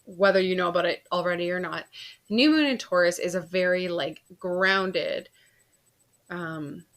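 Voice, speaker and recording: Chatty mom telling a story, lower-pitched. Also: female voice, a little slow, fairly bright tone. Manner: chatty, laughs often, lots of fillers. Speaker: podcast host. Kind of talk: casual personal storytelling.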